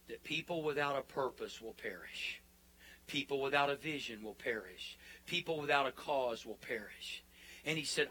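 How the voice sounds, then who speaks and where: Bright, impassioned preaching man. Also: medium pitch, husky, low-quality recording. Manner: impassioned, building to fervent declarations; dropping to soft, hushed prayer. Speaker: pastor. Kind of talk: sermon.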